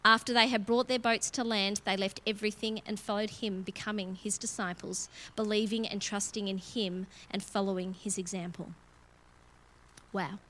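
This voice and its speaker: A middle-aged woman giving a casual, expressive sermon and reading scripture aloud. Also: mid-range voice, normal speed, a little hiss or hum. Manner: chatty and expressive, building emphasis as she goes. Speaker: church speaker. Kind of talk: conversational sermon with Bible reading.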